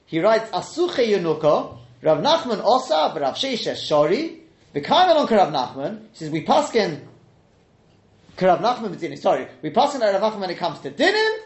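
In a room full of echo, a high-voiced man leads a Talmud class. He interrogates the texts out loud, weaving Hebrew and Aramaic terms into his teaching.

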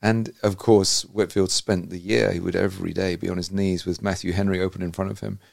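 A man's voice: deep voice, level tone, brisk, creaky, darkish tone, no room sound, studio quality. A man from England hosting an interview, enthusiastic and rambling, with many restarts as he tells stories. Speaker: host. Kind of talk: conversational interview.

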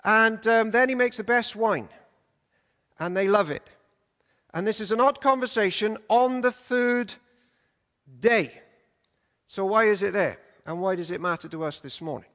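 A man preaching a sermon in a church, in an animated, conversational storytelling way. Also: high-pitched, unhurried, long pauses. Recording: echoey church hall.

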